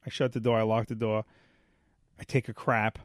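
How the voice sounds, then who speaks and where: A man's voice: lowish voice, flat delivery, moderate pace, dry recording. Dry-miked man telling rambling stories. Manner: rambling storyteller, acts out quotes. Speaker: podcast co-host. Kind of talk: casual chat.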